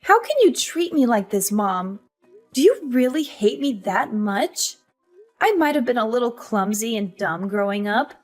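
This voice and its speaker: A woman voicing a hurt but defiant young adult daughter in an animated story, talking in an earnest, emotional way. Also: on the high side, a little slow, soft background music. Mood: pleading.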